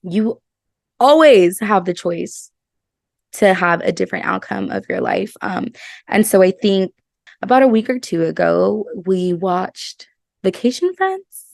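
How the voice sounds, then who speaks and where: A woman's voice: medium pitch, expressive, measured pace, gravelly, darkish tone, no echo, studio quality. A woman hosting a casual self-help podcast, earnest and emphatic, often repeating her words. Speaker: podcast host.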